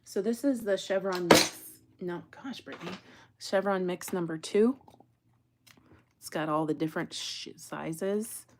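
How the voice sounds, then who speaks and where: A woman's voice: lowish voice, unhurried, slight background noise. A woman hosting a live jewelry-making stream, chatting casually and rambling to her viewers as she works. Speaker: jewelry-making livestream host. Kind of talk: casual live crafting chat.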